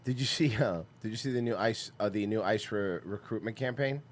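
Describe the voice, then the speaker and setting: A man co-hosting a podcast with sarcastic, quick-witted comedic banter. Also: on the low side. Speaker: podcast co-host.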